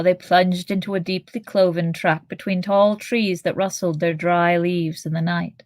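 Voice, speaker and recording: A woman's voice: on the low side, no echo, clean studio sound. Woman co-host reading a novel aloud. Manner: steady reading, giggly in chat. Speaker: podcast co-host and reader.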